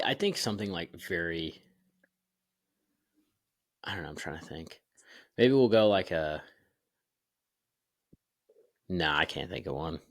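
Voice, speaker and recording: A man's voice: sits low, fairly bright tone, dry recording, clean studio sound. A young man co-hosting a casual sports podcast over a video call, rambling with fillers and restarts. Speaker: podcast co-host.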